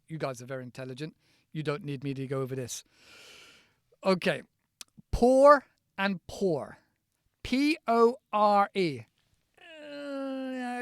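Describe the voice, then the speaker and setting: A man from the United Kingdom, teaching in a chatty, playful podcast lesson and slowly spelling words out letter by letter. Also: a little high, dry recording, clean studio sound.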